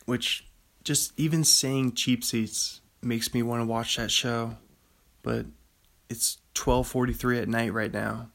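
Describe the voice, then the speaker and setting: A man hosting his own podcast in the small hours, talking in an unhurried, rambling way. His voice has a gravelly fry to it. He drifts between ideas and breaks into excited laughter. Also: mid-range voice. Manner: loopy, rambling, excitable with sudden laughing bursts. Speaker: podcast host. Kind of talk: solo late-night podcast ramble.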